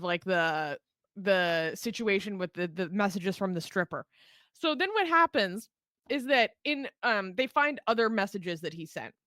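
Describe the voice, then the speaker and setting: A woman hosting a political commentary show talks through a case in a chatty, loose way, laughing and restarting her sentences. Her voice sits fairly high. The sound is close and dry. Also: a bit bright, no room sound. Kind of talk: casual commentary.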